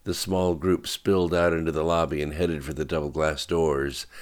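A man narrating a novel, reading the prose in a steady, even storytelling voice. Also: very deep voice, normal speed. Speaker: audiobook narrator. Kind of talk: scripted narration.

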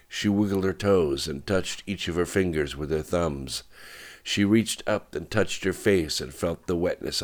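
A man narrating an audiobook in a measured, even storytelling manner. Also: sits low.

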